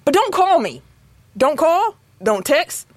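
A woman's voice: high voice, slow pace, no room sound. A woman hosting a casual comedic talk show, sassy and emphatic, repeating herself for effect. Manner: animated, sassy, emphatic repetition. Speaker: podcast host.

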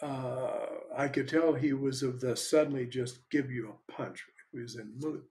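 A man's voice: medium pitch, steady tone, normal speed, a little mellow. An older man, a spiritual teacher, giving a frank, conversational talk that mixes plain teaching with storytelling.

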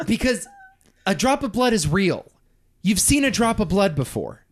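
A man's voice: sits high, big pitch swings, slow pace. A young man co-hosting a casual movie podcast, arguing his points emphatically and swearing freely. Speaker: podcast co-host. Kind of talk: casual movie-ranking chat.

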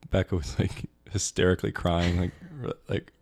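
A man's voice: sits low, normal speed, darkish tone, breathy edge. A young man co-hosting a podcast in casual chat, giving brief laid-back replies. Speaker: podcast co-host.

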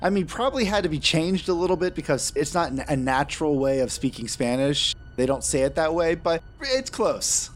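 A man's voice: a little high, animated, brisk. A man running a tabletop game as game master, narrating scenes with dry, wry asides.

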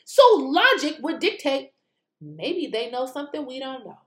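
An American woman giving casual political commentary, animated and indignant, firing off rhetorical questions with mocking asides. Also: high-pitched, normal speed, roomy sound.

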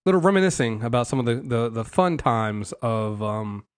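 A young adult man hosting a casual TV recap show, talking in a lively, rambling way full of fillers and restarts. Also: mid-range voice, normal speed, clear, resonant tone. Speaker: podcast host.

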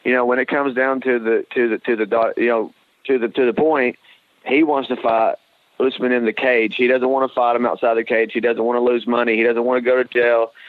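A man's voice: medium pitch, flat delivery, fairly quick. A man co-hosting a fight podcast, talking casually in a rambling way with lots of restarts and blunt swearing. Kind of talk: casual sports talk. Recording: dry tinny phone-like sound.

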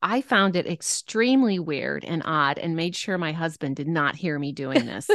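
A woman's voice: sits low, expressive, normal speed, fairly bright tone, dry recording, studio quality. A woman guest on a podcast explaining things in an earnest way, with some hesitant ums. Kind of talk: casual interview conversation.

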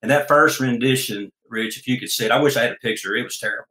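A folksy man from Oklahoma, talking in a crisp, bright tone. He tells homespun stories with plain earnestness. His voice carries a roomy echo. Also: medium pitch, quick pace. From Oklahoma, USA. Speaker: guest. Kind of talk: storytelling interview chat.

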